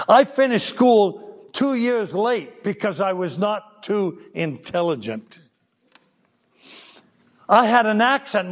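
Lively high-voiced older preacher. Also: male voice, in a large hall. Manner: animated storytelling, acting out voices. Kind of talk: children's sermon.

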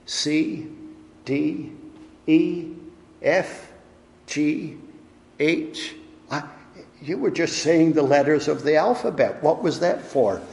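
A kindly farmer asks gentle, puzzled questions in a slightly raised voice, as a preacher acts him out. A long reverb from a large hall trails each phrase. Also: male voice, a little high, vocal fry.

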